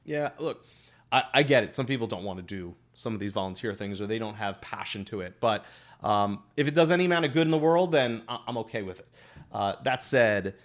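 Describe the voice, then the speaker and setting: A middle-aged entrepreneur, appearing as a guest, answers interview questions casually and animatedly, handing out advice and frequently restarting his sentences. His voice is lowish and his pace fairly quick.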